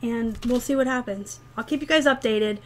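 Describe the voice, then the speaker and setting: A woman's voice: on the high side, normal speed, a little hiss or hum. Chatty woman reseller vlogging. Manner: chatty, sarcastic, rambling. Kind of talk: casual vlog talk.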